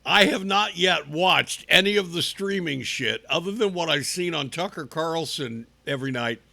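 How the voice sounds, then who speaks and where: A man's voice: fairly high pitch, animated, normal speed, gravelly, sharp tone. A man hosting a live opinion talk show, combative and profane, asking rhetorical questions.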